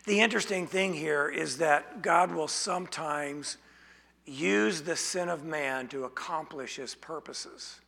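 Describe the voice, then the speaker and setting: A man preaching an expository sermon, speaking slowly and deliberately and asking rhetorical questions. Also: fairly high pitch, gravelly, bright, forceful tone. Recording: long hall reverb.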